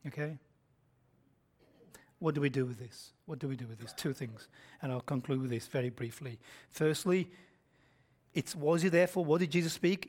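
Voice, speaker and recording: In a fairly high-pitched voice, a male preacher confronts his congregation bluntly, quizzing them as he alternates between whispered lines and loud, shouted stretches.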